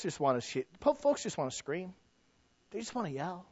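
A man's voice: high-pitched, big pitch swings, normal speed, a little mellow, some chatter behind. A man preaching a sermon in a folksy, conversational way, full of rhetorical questions. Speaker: pastor. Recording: dull, dry sound.

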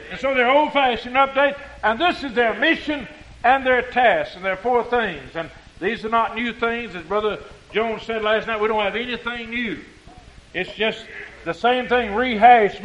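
Country preacher man, high voice, gets loud and fired up, slows way down on bible verses, muffled old tape sound. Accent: rural American country. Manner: rising to fervent shouts, slowing on scripture. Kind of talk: sermon.

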